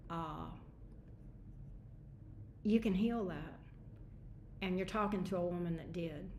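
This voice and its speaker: A woman's voice: fairly low pitch, slow pace, darkish tone, roomy sound, dull audio, a little hiss or hum. A woman giving a livestream tarot reading in a frank, chatty way with casual slang. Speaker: tarot reader.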